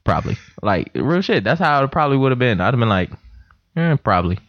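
A young man hosts a laid-back podcast from a room in a house and tells animated stories. His pitch swings widely as he acts out quotes, and his voice sounds dry and close. The home recording has a dull, lo-fi tone. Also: a little fast, no echo. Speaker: podcast host. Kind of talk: casual chat. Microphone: computer mic.

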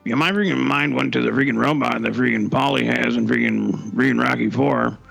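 A man on a comedy podcast who talks haltingly with many ums and packs a mild curse word into nearly every phrase. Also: medium pitch, creaky, a bit bright, soft background music, low-quality recording. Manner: hesitant, stuffs every sentence with one mild curse word.

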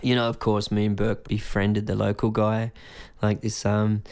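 Gravelly Australian man telling a rambling story. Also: lowish voice, completely flat delivery, normal speed, a little mellow. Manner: loose, rambling, swears freely, acts out voices in anecdotes. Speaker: musician guest. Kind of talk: casual storytelling in conversation.

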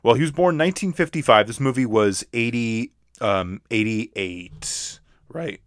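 A man's voice: mid-range voice, unhurried, no echo, studio quality. Rambling man chatting about movies. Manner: rambling, many restarts and fillers. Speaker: podcast co-host. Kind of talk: casual movie chat.

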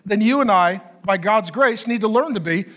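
A man's voice: high voice, animated, moderate pace, fairly bright tone. A middle-aged man preaching a sermon, emphatic and repetitive, full of rhetorical questions. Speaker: pastor.

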